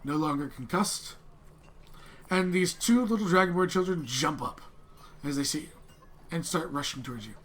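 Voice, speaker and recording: This game master's voice is a little high, animated and slightly bright, with a little hiss or hum. He narrates a tabletop game haltingly, with many filler words and restarts.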